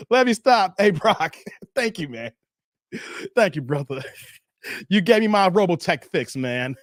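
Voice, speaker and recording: A man in his thirties hosting a casual live stream, animated and laughing often, his voice a little strained from long streaming. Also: sits high, slow pace, long pauses, no room sound, clean studio sound. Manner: animated, laughs often, breaks into playful sung bits. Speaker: live stream commentary host. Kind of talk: casual live stream chat reading donations.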